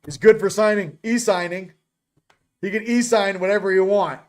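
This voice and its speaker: A man's voice: high-pitched, normal speed. A man hosting a casual morning chat, joking and rambling as he goes. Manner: joking, rambling, self-interrupting. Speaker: host.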